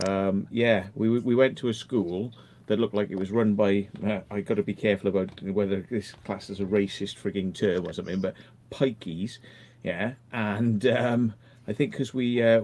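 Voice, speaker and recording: A man's voice: fairly low pitch, darkish tone, slight background noise. A man chatting on a live stream in a rambling, tired way, swearing freely. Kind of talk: casual chat on a live stream.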